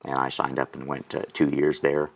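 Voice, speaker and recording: Low-voiced guest in his 60s, emotional testimony storyteller who chokes up. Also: completely flat delivery, a little fast. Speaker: guest auctioneer.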